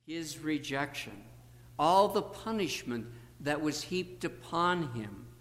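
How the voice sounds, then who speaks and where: A man preaching a sermon as a pastor, slow and deliberate, with emphatic pauses. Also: a little high, fairly bright tone, in a large hall.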